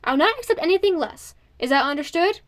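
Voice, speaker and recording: A woman's voice: very high voice, animated, fast, pitched above the performer's own voice. A woman reading the part of a stern adult woman who gives strict orders to young competitors, in an audiobook. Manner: stern, commanding.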